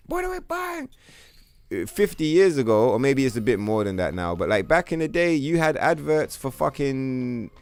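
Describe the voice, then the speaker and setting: A man, streaming a video game and ranting casually, full of swearing and filler words. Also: mid-range voice. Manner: profane, rambling rant, heavy on "bro" and "like". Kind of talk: casual livestream commentary.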